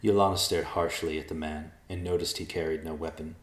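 A man reads a fantasy story aloud in a steady, measured way. His voice sits very low and deep. The sound rings in an echoey room. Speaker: narrator. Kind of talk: storybook narration.

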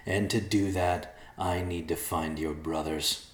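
A man voicing a calm, menacing male zealot who speaks slowly and quietly. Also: low-pitched, roomy sound. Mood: cold.

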